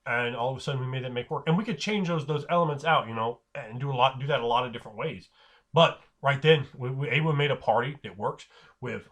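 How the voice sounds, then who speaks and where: Man, casual game master advice, rambling, restarts sentences, quick character quotes. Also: medium pitch, fairly bright tone. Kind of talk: casual spoken tips on running tabletop games.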